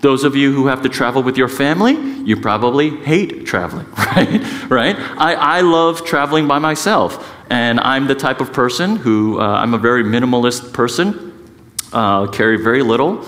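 A man in middle age delivers a sermon as a pastor, mid-pitched and joking at his own expense. He talks with lively emphasis and keeps stepping aside into quick remarks. His voice carries a long reverb from a church sanctuary. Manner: conversational and self-mocking, with lively emphasis and frequent asides.

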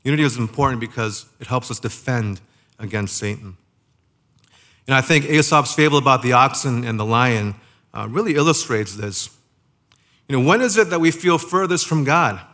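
Guy giving a sermon, mid-pitched voice, chatty, rhetorical questions, drags out the big lines. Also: animated, pushed and bright. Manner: conversational preaching, rhetorical questions, slows down for emphasis. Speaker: pastor.

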